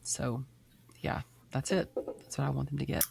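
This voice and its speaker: Woman host-author, gravelly, animated, casual faith talk. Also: normal speed, a little hiss or hum. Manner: gushing, animated, acts out voices in high pitch. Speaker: podcast host and author being interviewed. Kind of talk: casual Christian chat.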